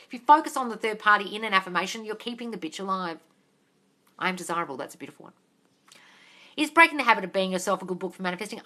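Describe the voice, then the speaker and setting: A woman's voice: on the low side, bright, forceful tone. A woman from Australia who hosts a casual live-stream Q&A, reading out viewers' comments and answering them bluntly, with plenty of swearing. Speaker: manifestation coach answering live questions. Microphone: phone.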